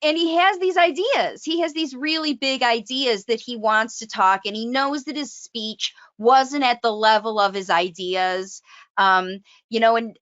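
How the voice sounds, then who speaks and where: Bright-voiced woman host, lo-fi call audio. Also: on the high side, no room sound. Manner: ends points with leading tag questions. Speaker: host and speech coach. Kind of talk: conversational interview. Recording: slightly muffled lo-fi audio.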